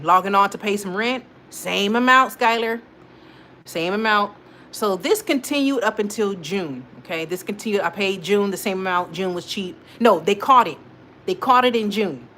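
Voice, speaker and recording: A woman's voice: medium pitch, normal speed, a little hiss or hum. A woman hosting a casual live stream, rambling animatedly in slang-heavy speech and talking straight to her viewers. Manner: rambling and animated, talks straight to viewers, frequent laughs and restarts. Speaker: host of a weekly live check-in stream.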